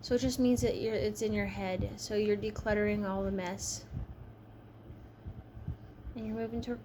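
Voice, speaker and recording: A woman's voice: medium pitch, steady tone, moderate pace, darkish tone, a little hiss or hum. Chatty woman reading tarot cards. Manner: chatty, frank, swears casually. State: tired, yawning. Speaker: tarot reader.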